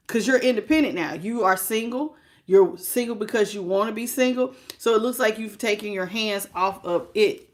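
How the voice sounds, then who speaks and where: Speaking at a moderate pace in a mid-range voice, a woman leads a tarot reading on a live stream. She greets viewers by name with pet names like sweetheart and baby and talks straight to the listener.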